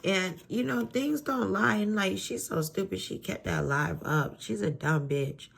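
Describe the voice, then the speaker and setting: A woman's voice: medium pitch, measured pace, gravelly. Blunt, profane woman ranting on camera. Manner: blunt, profane and exasperated, full of fillers. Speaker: vlogger. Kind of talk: ranting commentary vlog. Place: at home, face cream on.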